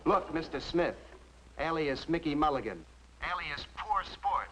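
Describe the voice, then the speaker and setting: A man's voice: fairly high pitch, lively intonation, a little slow, heavy background noise. An actor playing a defiant, sarcastic young man in a 1950s TV sitcom. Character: cocky young man, stubborn rival pal.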